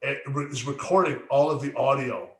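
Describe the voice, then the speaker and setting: A man co-hosts a casual late-night stream from a room with a noticeable echo. His voice sits in an ordinary middle pitch. He stumbles over his words, repeats himself and swears freely. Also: fairly even intonation, moderate pace, vocal fry, fairly bright tone. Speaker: podcast co-host.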